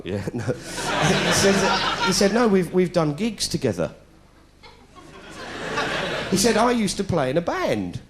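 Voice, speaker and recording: A man's voice: high-pitched, big pitch swings, measured pace, noisy background. A middle-aged British man telling a sarcastic stand-up story, putting on voices as he goes. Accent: British English. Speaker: comedian. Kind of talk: stand-up comedy routine. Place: stage before a live audience.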